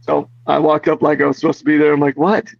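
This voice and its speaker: A man with a raspy, fry-laced voice chats as an interview guest. He rambles restlessly from one story to the next, full of fillers and false starts. The sound is dry and muffled, with no room around it. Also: fairly high pitch, monotone, fast, dry recording. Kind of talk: casual chat.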